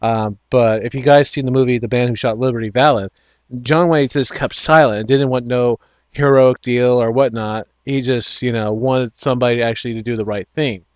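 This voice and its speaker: A man's voice: mid-range voice, fairly even intonation, moderate pace, no echo. A man hosting an online chat show, rambling with many restarts and frequent laughs. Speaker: host.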